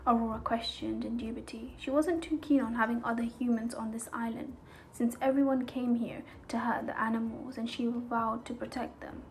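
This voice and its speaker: A woman reading a fantasy short story aloud in a calm, even storybook narration. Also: fairly high pitch, normal speed, low-quality recording. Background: soft background music.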